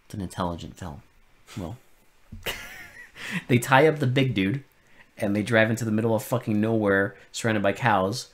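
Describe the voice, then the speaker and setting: A man co-hosting a podcast, chatting casually about a film with deadpan sarcasm and plenty of swearing. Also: lowish voice, moderate pace, long pauses. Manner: sarcastic, profane, deadpan irony. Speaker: podcast co-host. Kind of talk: casual film review chat.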